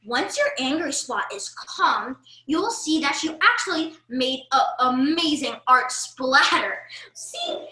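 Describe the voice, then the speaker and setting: Animated woman reading to kids. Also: sits high, slow pace, hardly any pauses, reverberant. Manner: animated, coaxing, talks straight to young kids. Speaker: children's storyteller. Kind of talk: reading a picture book to children.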